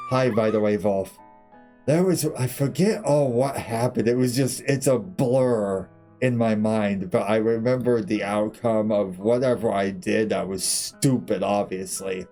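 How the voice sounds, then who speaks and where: A mellow, mid-range male voice fills the gaps in a game stream with candid, swear-laden stories from his childhood, chuckling throughout the telling.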